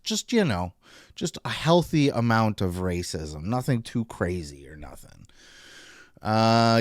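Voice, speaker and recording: A man's voice: medium pitch, no room sound. Sarcastic man hosting a clip show. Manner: sarcastic, dry. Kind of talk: sarcastic commentary.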